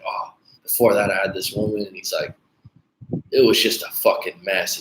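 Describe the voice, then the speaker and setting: A man's voice: on the low side, fairly bright tone. Blunt, profane man in an echoey room. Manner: blunt, profane, casual, calls viewers dude. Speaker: dating coach livestream host. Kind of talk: casual livestream chat reading viewer comments. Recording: echoey room with faint background noise.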